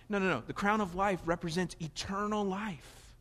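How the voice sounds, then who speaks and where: A pastor preaching a conversational, animated sermon in a church, his voice rising in emphatic questions. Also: sits high, normal speed. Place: church sanctuary. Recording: long hall reverb, faint music.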